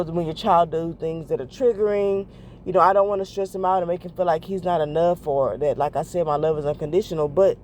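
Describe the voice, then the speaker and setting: A woman's voice: deep voice, dark tone, a little hiss or hum. A woman hosting a podcast in a casual confessional monologue, rambling and correcting herself with lots of fillers. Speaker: podcast host.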